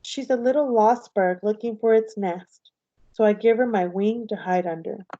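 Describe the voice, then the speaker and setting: A woman teacher reading a novel aloud to her class with steady, clear storytelling narration, on a slightly dull, lo-fi recording. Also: medium pitch, moderate pace.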